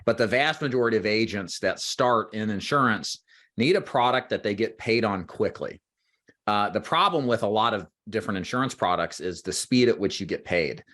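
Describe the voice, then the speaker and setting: Deep-voiced guy hosting a sales interview over a video call, long explanations, talks to the viewers. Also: lively intonation, normal speed, a bit bright. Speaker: host and agency owner. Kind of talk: interview for a recruiting livestream.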